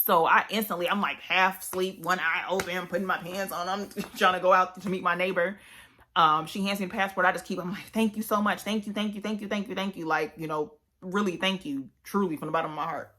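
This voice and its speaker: A young woman telling a story to her vlog viewers in casual, animated chat full of fillers. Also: fairly low pitch, brisk. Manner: animated, chatty, many fillers. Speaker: vlogger.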